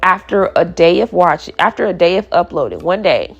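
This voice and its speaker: Playful woman in her twenties with gravelly voice. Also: fairly low pitch, sing-song, brisk, lo-fi sound, faint music behind. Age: 20s. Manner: chatty and playful, riffing and laughing. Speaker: podcast host. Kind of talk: casual solo podcast chat.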